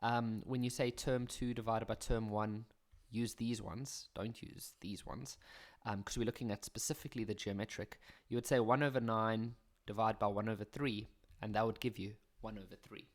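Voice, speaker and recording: A man's voice: on the low side, fairly even intonation, normal speed. A man with a South African accent teaching a maths lesson on video, chatty and fond of self-deprecating jokes.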